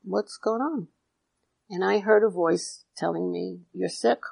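A woman's voice: medium pitch, unhurried, vocal fry, a little mellow, breathy edge, low-quality recording. A middle-aged woman telling her recovery story, candid and confessional, with self-mocking asides. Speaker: recovery speaker.

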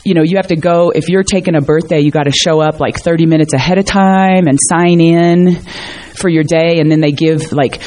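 A woman's voice: sits low, fairly even intonation, fairly quick, mellow. Middle-aged woman telling her recovery story, rambly, lots of um and like, earnest, bit of swearing. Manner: candid and rambling, many fillers and restarts; earnest and emotional, mild swearing. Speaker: speaker at a recovery meeting. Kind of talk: personal recovery testimony.

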